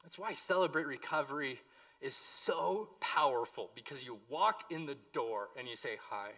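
A man preaching a sermon as pastor, impassioned, moving between hushed pleading and loud emphasis. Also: mid-range voice, moderate pace, far from the mic.

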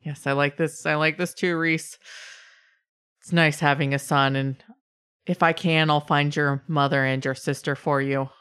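A soft-spoken crime family patriarch, as a woman puts him on, slow and fatherly in a tabletop game. The voice sits low for a woman. He reassures rather than threatens. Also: steady tone, clear, resonant tone. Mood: paternal. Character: calm paternal male crime family boss.

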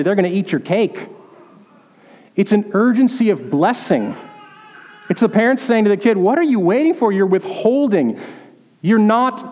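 A man's voice: sits high, a little mellow, long reverb tail. A man preaching a sermon as pastor, telling stories and acting out the voices of the people in them. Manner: storytelling, acts out quoted voices.

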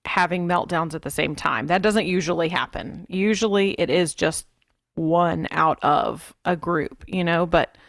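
A woman's voice: lowish voice, unhurried, gravelly, no echo, studio quality. A woman from Texas, co-hosting a parenting podcast in a chatty, rambling way. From Texas, USA. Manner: chatty, rambling, frank about tiredness. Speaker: podcast co-host. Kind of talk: casual parenting podcast chat.

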